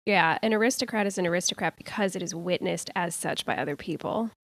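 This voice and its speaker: A woman's voice: fairly low pitch, quick pace, no room sound. Woman making brief podcast interjections. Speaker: podcast co-host. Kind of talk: casual podcast discussion.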